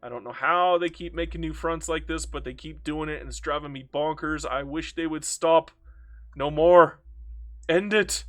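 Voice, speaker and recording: A man giving joking, excitable let's play commentary on a strategy game, talking to himself and repeating phrases. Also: a little high. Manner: excitable, joking, frequent self-talk and repetition. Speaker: gaming YouTuber.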